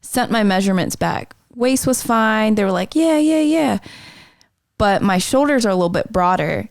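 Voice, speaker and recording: A woman's voice: medium pitch, a little fast, no room sound. Chatty woman telling stories, dry sound. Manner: chatty storyteller, lively quoting voices. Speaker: podcast guest. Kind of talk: casual chat.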